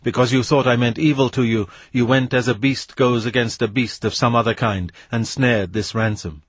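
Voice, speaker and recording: Casting: a man playing a grave ancient spirit, measured and slightly husky, dry sound. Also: mid-range voice, fairly even intonation, dry recording, close to an everyday voice. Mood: solemn. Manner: slow, solemn, measured.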